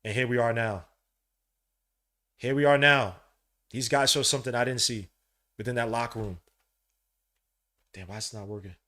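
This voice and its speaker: A man hosting a live sports watch-along podcast, talking in casual slang and swinging from low mutters to loud cheering. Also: fairly even intonation, moderate pace, pauses often. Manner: casual slang, calls listeners bro and son. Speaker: podcast host.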